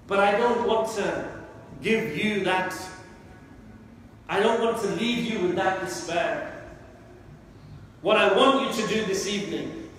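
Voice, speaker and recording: A man's voice: high-pitched, fairly bright tone, a little hiss or hum. A man, an imam delivering an impassioned, emotional sermon in a mosque hall. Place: large mosque prayer hall. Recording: echoey hall from far off.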